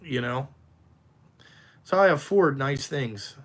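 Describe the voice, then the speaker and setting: A man's voice: medium pitch, lively intonation. A man who runs a dump truck business, ranting bluntly and with heavy swearing during a livestream while answering viewers' comments. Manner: repeats himself, halting restarts. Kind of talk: profane livestream rant, answering chat.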